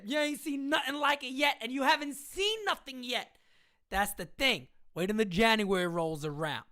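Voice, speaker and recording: A woman hosting a live-stream sports chat, talking in a hyped, slangy way as she shouts out viewers. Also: fairly low pitch.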